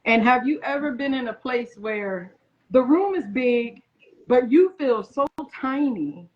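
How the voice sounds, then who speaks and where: Guest chef, woman, 40s, high-ish voice; lively storyteller who voices the people she quotes; muffled recording. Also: unhurried. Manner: animated, acts out others' lines in quoted voices. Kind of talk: casual interview storytelling. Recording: muffled lo-fi audio.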